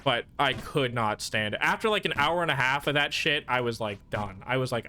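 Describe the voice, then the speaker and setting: A man's voice: mid-range voice, animated, a little fast, bright, forceful tone, slight background noise. A man streaming a video game, telling a rambling, profane story to his chat. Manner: profane, ranting, self-deprecating. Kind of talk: casual storytelling while gaming.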